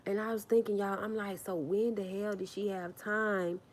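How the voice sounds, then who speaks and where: A woman's voice: medium pitch, steady tone, normal speed. A woman telling a personal story on a casual livestream, blunt and profane, hammering points home with repeated phrases. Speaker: livestream host.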